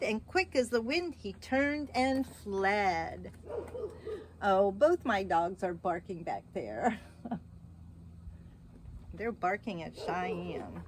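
A woman reading a picture book aloud to children with gentle, expressive narration and chatty asides. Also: mid-range voice, takes it slowly, long pauses, slight background noise. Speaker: storyteller for children.

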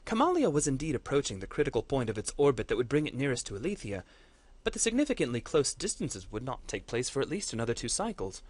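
A man, a course instructor, reading a fantasy story aloud in a measured, dramatic way. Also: mid-range voice, dry recording.

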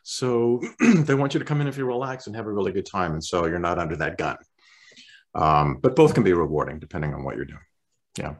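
A male voice actor chatting as an interview guest, relaxed and rambling, often clearing his throat. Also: sits low, fairly quick. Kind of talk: casual interview chat.

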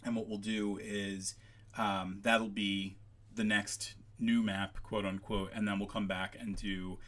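A man's voice: fairly low pitch, little pitch movement, takes it slowly, fairly bright tone. Rambling man chatting on a livestream. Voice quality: gravelly at times. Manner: rambling, goes off on tangents with many ums. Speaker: livestream host making maps. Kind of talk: casual livestream chat.

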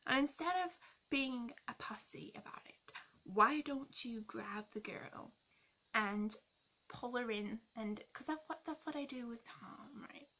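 A snarky, rude young woman with a gravelly, husky voice, as a woman puts her on. She is blunt and sarcastic, swears freely, and mocks everything around her in a comic role-play vlog rant. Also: fairly high pitch, a little slow, bright, forceful tone, exaggerated voice. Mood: dreamy gushing.

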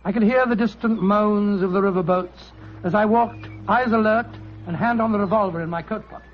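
An actor playing Dr. Watson, a proper gentleman narrating and speaking indignantly, in old-time radio acting. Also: high-pitched, fairly quick, close to an everyday voice. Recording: dull old radio recording with music.

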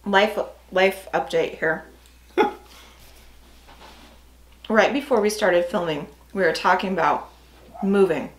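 A woman's voice: mid-range voice, takes it slowly, long pauses, echoey room, low-quality recording. A woman co-hosting a casual snack-tasting vlog, chatty and giggly, often talking over her partner. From United States. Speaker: vlog co-host.

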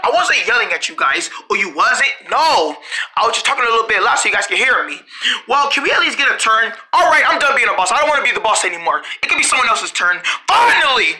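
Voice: medium pitch, sing-song, fast, bright, forceful tone. A storyteller acting out a playful, bossy back-and-forth among several characters, switching voices as they go. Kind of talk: playful improvised character play.

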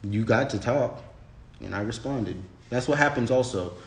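A man's voice: medium pitch, moderate pace, vocal fry. A man hosting a casual livestream and talking bluntly and profanely, rambling with frequent restarts. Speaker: livestream host. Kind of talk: casual unscripted livestream rant. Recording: roomy echo.

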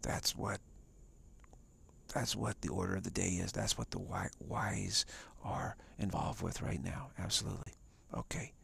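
Male spiritual teacher, live-streamed talk: a deep, heavily gravelly voice, emphatic and repetitive, slipping into whispers. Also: fairly even intonation, measured pace, a bit bright, a little hiss or hum.

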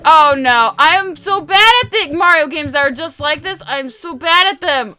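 A young woman giving excitable, chatty commentary while playing a video game and reading its text aloud. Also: sits high, moderate pace, few pauses. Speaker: gaming video host. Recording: game music behind voice.

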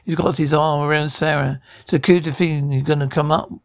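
A man's voice: fairly high pitch, fairly even intonation, brisk, vocal fry. A man acting out every part of a sitcom scene alone, in a bickering, flustered comic delivery full of stammers and restarts.

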